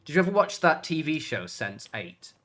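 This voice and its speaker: Rambling English streamer man, bright voice. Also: fairly high pitch, sing-song, moderate pace. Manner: rambling, lots of fillers and swearing. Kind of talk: casual chat while gaming.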